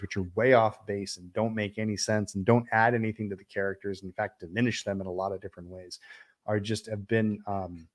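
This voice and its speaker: A middle-aged man with a lowish voice hosts a casual livestream and answers viewer questions as they come in. He rambles with a steady stream of ums and restarts, trailing off and picking back up. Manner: rambling, many fillers and restarts. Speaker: film director hosting a livestream Q&A.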